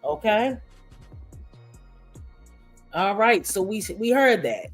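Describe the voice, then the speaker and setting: A woman's voice: medium pitch, big pitch swings, slow pace, long pauses, soft background music. A woman hosting casual livestream commentary, talking in a profane, mocking way.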